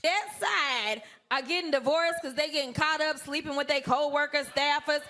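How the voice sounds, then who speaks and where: A woman's voice: high voice, moderate pace, pushed and bright. A woman politician talking in a sassy, chatty, emphatic way in a clip. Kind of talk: casual speech clip.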